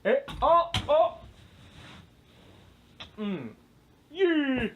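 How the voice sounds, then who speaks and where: A woman giving playful live commentary at home, excitable and full of yelps and exclamations, recorded on a camera mic indoors. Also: high-pitched, drawn-out words, slight background noise. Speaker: home video maker.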